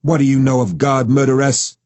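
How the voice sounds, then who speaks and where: A man's voice: medium pitch, flat delivery, a little fast, no room sound, pitched above the performer's own voice, natural voice. A man voicing a zealous, hostile believer who accuses others in an audiobook. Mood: accusing. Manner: accusing, forceful.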